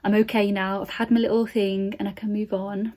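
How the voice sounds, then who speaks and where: A young woman vlogging as a nursing student, emotional and earnest, rambling and dropping into soft near-whispers. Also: medium pitch, level tone, a little fast. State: emotional, close to tears. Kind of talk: emotional motivational vlog.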